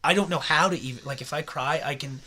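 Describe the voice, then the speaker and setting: A man's voice: on the high side, fast, pushed and bright, breathy edge. A man in his late twenties, a podcast guest in casual chat, talking candidly and emotionally and stumbling over repeated words. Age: late 20s.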